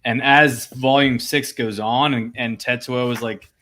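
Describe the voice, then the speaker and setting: A man co-hosting a casual podcast chat, reflective and measured with some hesitations. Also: mid-range voice, fairly even intonation, pushed and bright. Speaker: podcast co-host.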